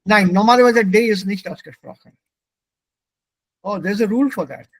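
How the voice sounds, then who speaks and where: A man's voice: sits high, normal speed, dry recording. A man teaching a language class, explaining pronunciation patiently and switching between German and English. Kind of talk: classroom instruction.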